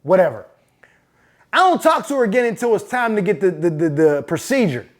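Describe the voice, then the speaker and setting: A man hosting his own channel, telling a personal story in a casual, profane, animated way. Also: high voice, fairly quick. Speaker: host. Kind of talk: storytelling monologue.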